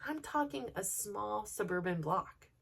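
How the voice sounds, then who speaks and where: A woman's voice: medium pitch, lively intonation, a little slow, creaky, fairly bright tone, slightly rough, recorded from a distance. A woman hosting a podcast, talking candidly and earnestly to her listeners in a personal motivational monologue. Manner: earnest, open and personal, speaking directly to listeners. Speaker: podcast host.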